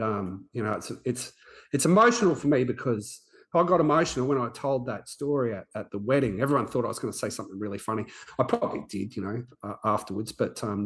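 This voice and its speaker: Podcast host in his forties, mid-pitched voice, earnest storyteller who often restarts his sentences. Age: 40s. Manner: earnest, reflective, frequent restarts. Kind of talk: personal storytelling.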